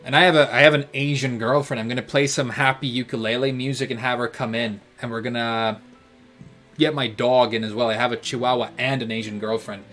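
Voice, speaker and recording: A British man chats through a game stream at a mid pitch, wandering from joke to joke and filling gaps with little hesitations. His talk stays loose and offhand. Soft music plays quietly behind him. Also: steady tone, brisk. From Britain. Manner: rambling, joking, trails off with "uh". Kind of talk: casual chat answering viewers while gaming.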